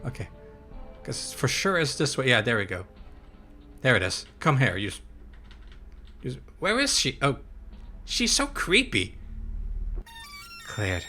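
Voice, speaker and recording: A young man streams a horror game with a bright, forceful voice that leaps up and down in pitch. He talks casually, swears freely and yelps when startled, with soft game music faint underneath. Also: normal speed, long pauses. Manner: excitable, swears and yelps at scares, reads chat aloud. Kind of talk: live gameplay commentary.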